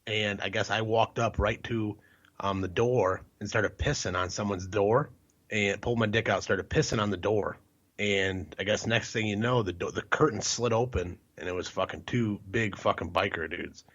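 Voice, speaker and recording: A man's voice: on the low side, fairly even intonation, moderate pace, fairly bright tone, highs cut off. A man from Ohio co-hosting a podcast, telling rambling, profane stories and laughing through them. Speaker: podcast co-host. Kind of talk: crude casual storytelling.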